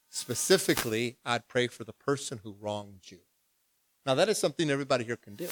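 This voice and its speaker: A man pastor preaching a discipleship lesson in a lively, humorous, conversational way, acting out prayers. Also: medium pitch, no echo, clean studio sound. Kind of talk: sermon.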